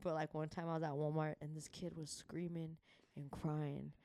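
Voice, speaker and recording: A woman co-hosting a podcast in casual chat, telling stories in an animated, slangy, profane way. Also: low-pitched, moderate pace. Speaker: podcast co-host.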